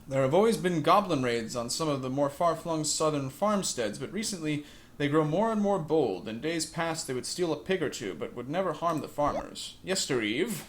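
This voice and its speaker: A man's voice: fairly high pitch, animated, moderate pace, close to an everyday voice. A man reading as an earnest guard captain. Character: dutiful male guard captain.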